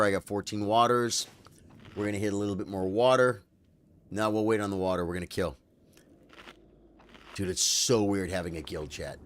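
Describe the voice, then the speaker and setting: A man's voice: fairly low pitch, slight background noise. Rambling man streaming a game. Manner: rambling, animated storytelling. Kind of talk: casual gaming stream chat.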